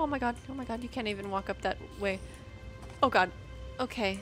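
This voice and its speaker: A young woman giving excitable let's-play commentary, chatting to in-game animals and squealing when things go wrong. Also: a little high, moderate pace, soft background music. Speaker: gaming video creator.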